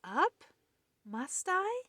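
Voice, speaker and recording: A woman's voice: extremely high pitch, very animated, extremely slow, pushed and bright, dry recording, pitched above the performer's own voice, exaggerated voice. A woman voicing a nervous male pig who is afraid of swimming, in a storybook reading. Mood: timid. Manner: worried, protesting.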